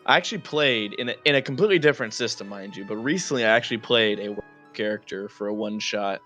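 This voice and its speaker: A man with a lowish voice talks fast in a sharp tone, with faint music playing behind him. He's a player chatting enthusiastically and laughing often during the casual setup session before a tabletop game.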